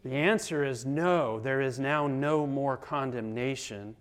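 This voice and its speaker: A middle-aged man preaching a sermon as a pastor, dramatic, swinging between loud emphasis and hushed near-whispers. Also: mid-range voice, measured pace.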